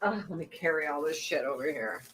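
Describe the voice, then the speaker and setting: A woman's voice: low-pitched, animated, fairly quick, background noise. A woman in her forties, chatting casually and bluntly with lots of swearing as she does her skincare at home, talking close to a streaming mic. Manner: profane and blunt, breaks into laughs. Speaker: vlogger. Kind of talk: casual chat during a skincare routine. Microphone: streaming mic close to the camera.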